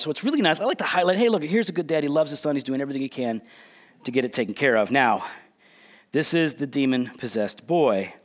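A middle-aged man preaching a sermon, animated, with frequent restarts and asides to the congregation. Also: fairly high pitch. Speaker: pastor.

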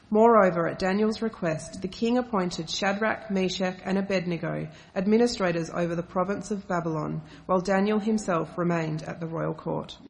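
Woman reading scripture in a measured voice. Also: mid-range voice, vocal fry. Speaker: scripture reader.

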